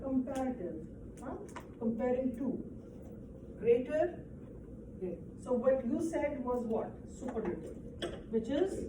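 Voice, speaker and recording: A fairly high, mellow, animated voice belongs to an English teacher who speaks slowly during a grammar lesson, patiently explaining and repeatedly checking that the class is following. She's recorded from across an echoey classroom by a distant mic, with faint background noise.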